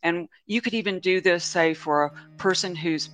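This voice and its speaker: A woman hosting a show, talking casually and reading aloud in a heartfelt, gentle way. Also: lowish voice, normal speed, soft background music. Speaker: host.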